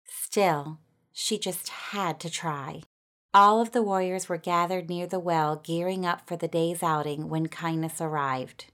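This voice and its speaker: A woman narrating a children's storybook in a gentle, expressive reading voice. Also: lowish voice, a little slow.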